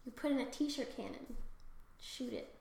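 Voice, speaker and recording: A woman co-hosting a podcast in casual chat, excitable and sweary, loudly acting out quotes. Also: high-pitched, normal speed, echoey room. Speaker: podcast co-host. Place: home room.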